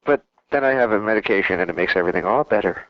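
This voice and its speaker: A man in his twenties co-hosting a casual wrestling talk show, opinionated but measured, often hedging his views. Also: fairly low pitch, expressive, no room sound, highs cut off. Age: 20s. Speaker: podcast co-host.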